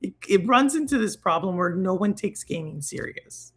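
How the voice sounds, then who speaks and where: A podcast host in casual chat who talks in an animated way, thinking aloud and restarting sentences. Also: mid-range voice, normal speed, slightly rough.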